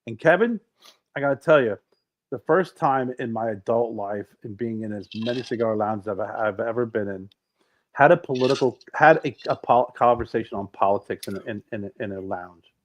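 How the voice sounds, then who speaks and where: Rambling male podcast co-host, mid-pitched. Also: normal speed, highs cut off, slight background noise. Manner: rambling, animated storyteller with frequent restarts. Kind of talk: casual chat.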